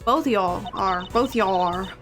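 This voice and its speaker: A woman's voice: medium pitch, slow pace, fairly bright tone, faint music behind. A woman reading game dialogue aloud as a brash, folksy female reporter with teasing slang.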